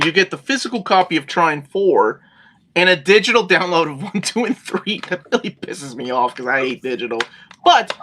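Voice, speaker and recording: A middle-aged man co-hosting a casual chat about games, telling stories animatedly. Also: on the high side. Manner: animated, acts out yelling at friends. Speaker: podcast co-host.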